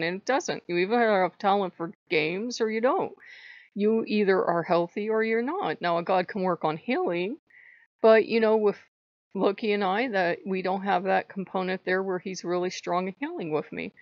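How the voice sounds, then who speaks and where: A woman's voice: medium pitch, no room sound. A woman hosting a casual spiritual vlog, talking in a rambling, chatty way and swearing now and then. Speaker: channel host. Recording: dull lo-fi dry sound.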